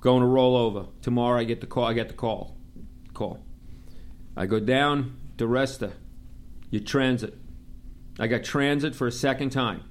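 A middle-aged man from Long Island with a New York accent, telling profane, animated stories in casual talk and mimicking the people in them. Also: medium pitch, moderate pace. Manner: animated, profane, mimics others in quoted dialogue. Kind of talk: casual storytelling.

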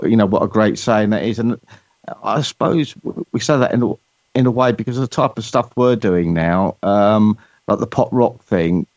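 A man from England with a British accent, a songwriter guest answering interview questions in a relaxed, hesitant way. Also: lowish voice, no echo. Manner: relaxed, hesitant with fillers and restarts. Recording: dull lo-fi remote audio.

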